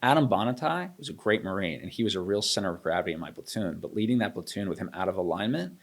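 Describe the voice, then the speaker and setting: A man's voice: sits low, fast. A man in his thirties, an interview guest, telling a story and acting out the dialogue. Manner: animated, acts out quoted dialogue. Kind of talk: storytelling in a conversation.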